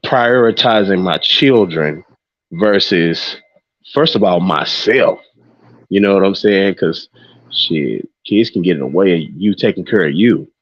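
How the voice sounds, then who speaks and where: A man's voice: deep voice, a little slow, no room sound. A man co-hosting a podcast, talking frankly and loosely in casual chat, with frequent swearing and restarts. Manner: frank, rambling, swears freely. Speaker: podcast co-host. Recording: muffled lo-fi audio.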